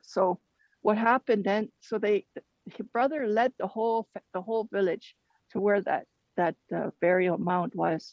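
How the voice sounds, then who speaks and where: A storyteller sharing a traditional teaching story in a gentle, halting way, often repeating words. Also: mid-range voice, no echo. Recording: dull lo-fi recording.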